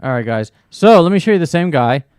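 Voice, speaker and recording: An American man co-hosting a podcast, chatting casually in a relaxed, hesitant way with many fillers. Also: on the high side, brisk, clean tone, dry recording, studio quality. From United States. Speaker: podcast co-host. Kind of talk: casual chat.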